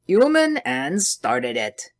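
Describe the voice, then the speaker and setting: A woman's voice: lowish voice, huge pitch swings, slow, exaggerated voice. A woman voicing an agitated older male scientist with a German accent, crying out in distress. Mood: anguished.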